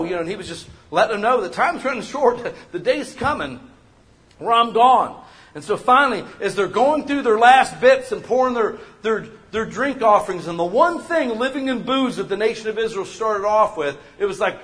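A man preaching a sermon as pastor, animated and joking, acting out the people he quotes. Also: sits high, moderate pace.

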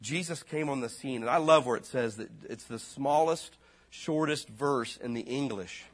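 A pastor preaching a sermon in a casual, slangy way, his voice dropping low and then rising loud. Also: moderate pace.

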